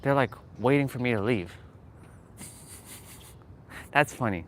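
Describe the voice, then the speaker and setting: A man's voice: medium pitch, expressive, measured pace, pauses often, fairly bright tone, a little hiss or hum. A man live-streaming from his phone while walking outdoors, chatting casually and laughing often as he talks to his viewers. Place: outdoors on a street. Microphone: phone on a gimbal.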